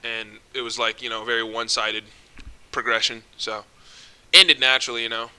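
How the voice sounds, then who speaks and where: A young man ranting casually to camera, swearing a lot and getting exasperated, almost yelling when he gets worked up. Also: medium pitch, flat delivery, moderate pace, clear, resonant tone. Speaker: vlogger.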